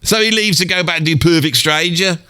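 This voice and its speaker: A man's voice: a little high, a little fast, pushed and bright, clean tone, no room sound, clean studio sound. A man playing a grumbling middle-aged Birmingham bloke with a Birmingham accent, rambling on and swearing mildly in a comedic monologue. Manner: rambling rant peppered with "bloody".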